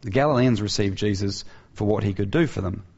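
Gravelly-voiced man preaching a sermon. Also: on the low side, brisk, darkish tone. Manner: earnest, asks the listeners rhetorical questions. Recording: dull lo-fi recording.

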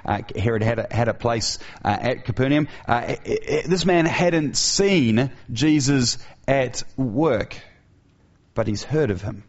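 A man's voice: mid-range voice, expressive, unhurried. A man preaching an earnest sermon who asks his listeners rhetorical questions, in a dull, lo-fi recording.

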